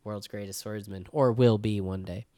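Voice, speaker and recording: A man's voice: lowish voice, fairly even intonation, moderate pace, dark tone, no room sound. A young man hosting a casual podcast chat, enthusiastic, often saying dude and swearing casually. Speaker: podcast host.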